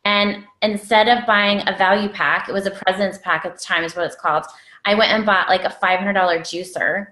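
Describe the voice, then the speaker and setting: A woman's voice: mid-range voice, steady tone, brisk, pushed and bright. Chatty woman telling her story, echoey room. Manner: chatty, gritty storyteller with many fillers. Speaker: guest. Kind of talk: personal story in an interview.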